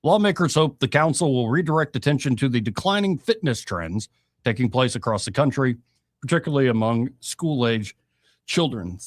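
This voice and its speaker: A man's voice: mid-range voice, expressive, normal speed, no room sound. Brief: man, 30s, talk radio host, blunt and jokey, dead-dry booth. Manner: wisecracking, blunt, lots of fillers. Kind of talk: casual political talk show.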